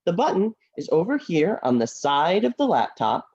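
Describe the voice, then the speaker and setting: Woman voicing a cheerful teacher puppet, encouraging, lively up-and-down voice, dull video-call audio. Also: fairly low pitch, moderate pace, pitched below the performer's own voice. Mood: helpful. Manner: encouraging, upbeat, coaxing. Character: cheerful, helpful teacher puppet, patient friend.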